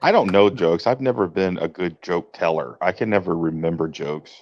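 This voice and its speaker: Low-voiced man on dull lo-fi audio. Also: normal speed, darkish tone. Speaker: podcast co-host. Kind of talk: casual podcast chat.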